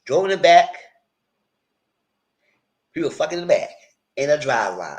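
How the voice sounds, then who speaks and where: Animated man recapping a TV show. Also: on the high side, normal speed, pauses often. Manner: animated retelling, quoting characters in shifting voices. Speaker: TV recap host. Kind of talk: casual live recap commentary.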